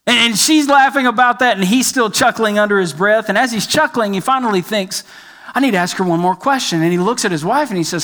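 A man's voice: sits high, brisk, fairly bright tone. A man preaching a sermon, telling a story with rising and falling emphasis. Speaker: pastor.

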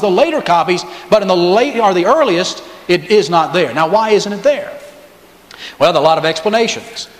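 Storytelling preacher in an echoey hall. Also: male voice, high voice. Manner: storytelling preacher, acts out quoted voices. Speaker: pastor. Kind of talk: sermon.

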